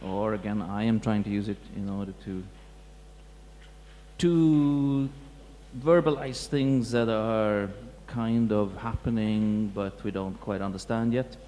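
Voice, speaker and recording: Halting man lecturing in an echoey hall. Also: lowish voice, mellow. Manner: halting, many restarts and fillers, reflective. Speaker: museum curator giving a talk. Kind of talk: lecture talk to an audience. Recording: echoey hall with faint hum.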